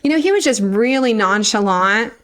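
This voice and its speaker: A young adult woman, a podcast guest, recounting personal experiences in a lively conversational way and acting out what others said. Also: fairly high pitch, moderate pace. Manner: animated retelling, acting out others' words with laughs.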